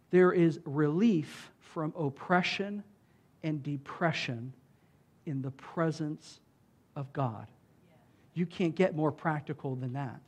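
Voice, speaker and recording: A man with a noticeably high voice delivers a sermon as a pastor. His preaching is casual and conversational, full of "like" and "right?". When he reads scripture aloud, he punches it out loudly and with emphasis. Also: breathy edge. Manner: loud emphatic bursts when reading scripture.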